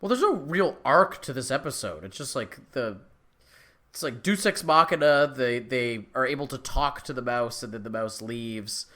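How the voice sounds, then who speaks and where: A man's voice: mid-range voice, expressive, normal speed, bright, forceful tone. A man co-hosting a podcast in casual, jokey, opinionated chat. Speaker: podcast co-host.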